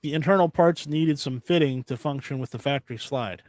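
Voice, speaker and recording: A man's voice: mid-range voice, a little fast, a little mellow, no echo. A man hosting a casual live stream, joking with his co-hosts and wrapping up the show. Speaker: host.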